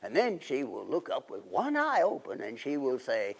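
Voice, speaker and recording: A man's voice: mid-range voice, huge pitch swings, moderate pace, vocal fry, full character voice. A middle-aged man, playing a folksy, rambling 1880s riverboat man and husband in a period monologue.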